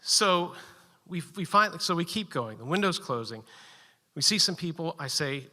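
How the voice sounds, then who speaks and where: A man telling a personal story live at a story slam, animated and building suspense with short, punchy sentences. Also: fairly high pitch, moderate pace, big-room sound.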